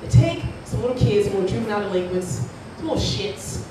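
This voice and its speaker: A woman's voice: mid-range voice, animated, fast, noisy background. A woman performing a stand-up comedy set, telling a crude story in a brash way and slipping into acted-out voices. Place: comedy club stage with audience laughing. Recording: echoey distant live club recording.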